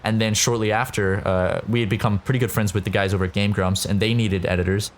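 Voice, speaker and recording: A man's voice: lowish voice, steady tone, fast talker, a little hiss or hum. A young man from South Carolina, a podcast guest telling a long story with lots of fillers and swearing. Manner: rambling, profane, lots of fillers. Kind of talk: casual podcast chat.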